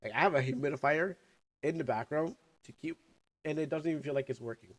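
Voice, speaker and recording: A young man who is sick and coughing chats casually as a streamer. He rambles and halts while sucking on candy. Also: on the high side. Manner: rambling, halting, talking with candy in mouth. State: sick, coughing, recovering lungs. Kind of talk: casual livestream chat.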